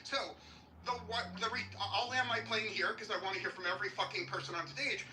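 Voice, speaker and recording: A combative man argues his point with blunt, profane force. His voice is very bright and sharp, heard from a distance in a roomy, echoey space with a faint hiss behind it. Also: high-pitched, fairly even intonation, a little fast. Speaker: audience speaker on a live audio chat room. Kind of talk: heated debate talk.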